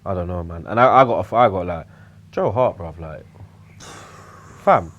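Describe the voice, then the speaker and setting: A young man trading casual football banter, slangy and animated, swearing often. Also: low-pitched, unhurried, lo-fi sound. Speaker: football pundit.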